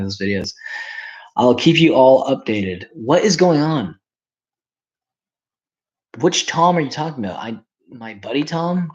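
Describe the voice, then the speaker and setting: A man's voice: lowish voice, lo-fi sound. Rambling, profane man. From Canada. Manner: rambling, profane, reacts to chat messages. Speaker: streamer. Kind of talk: casual livestream chat.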